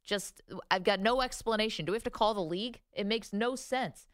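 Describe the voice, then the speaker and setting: A woman co-hosting a sports talk radio show, lively and quick to laugh. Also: medium pitch, dry recording, clean studio sound. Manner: lively, laughs often, upbeat.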